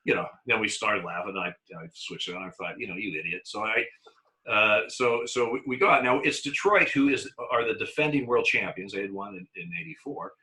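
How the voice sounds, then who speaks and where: Bright-voiced man telling baseball stories. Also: on the low side, normal speed, poor audio. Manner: animated anecdotes with many restarts and acted-out quotes. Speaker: retired baseball umpire guest. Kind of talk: storytelling in a conversational interview.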